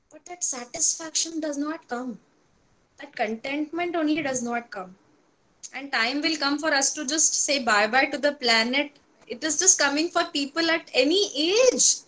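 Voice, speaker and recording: Indian English woman, motivational speaker, high, bright voice, earnest storyteller. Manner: earnest, storytelling, mixing in Hindi. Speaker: speaker on mind management. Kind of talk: motivational talk.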